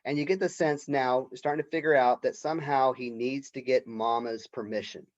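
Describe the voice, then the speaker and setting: A man's voice: mid-range voice, steady tone, moderate pace, highs cut off. A male college professor giving a recorded literature lecture in a conversational way, often checking in with "right?".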